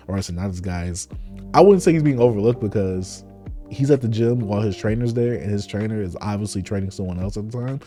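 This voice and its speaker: A man's voice: fairly low pitch, brisk, warm tone, soft background music. A man hosting a live comic reading, reacting animatedly and laughing often. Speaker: host reading a comic aloud.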